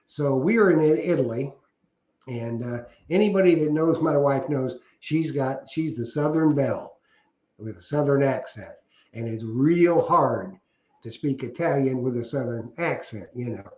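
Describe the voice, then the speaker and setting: A man's voice: mid-range voice, animated, measured pace, a little mellow. Joking middle-aged man, roomy lo-fi audio. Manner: joking, rambling, laughs at his own stories. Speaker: livestream co-host reading viewer comments. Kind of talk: casual chat. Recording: roomy, dull lo-fi stream audio.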